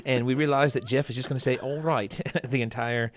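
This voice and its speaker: Male host, cheerful casual delivery, dry studio sound, average pitch. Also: fairly even intonation, quick pace, no echo. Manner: upbeat, laughs easily, many fillers. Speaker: podcast host. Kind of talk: casual podcast chat.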